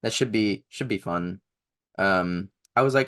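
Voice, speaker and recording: A man's voice: sits low, measured pace, a bit bright, smooth. A young man co-hosting a podcast in casual chat, enthusiastic and rambling, laughing often. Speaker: podcast co-host.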